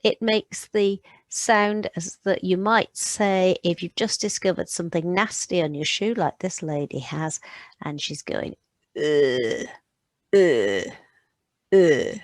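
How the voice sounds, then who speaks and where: A woman's voice: lowish voice, steady tone, measured pace, no echo. Woman teaching French phonics sounds. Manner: patient, demonstrates sounds aloud. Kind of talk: recorded phonics lesson for children.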